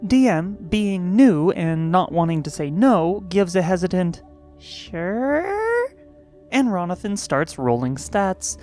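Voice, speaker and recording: A woman's voice: on the low side, animated, a little slow, hardly any pauses, mellow, faint music behind. A woman narrating a tabletop gaming story with wry, sarcastic asides.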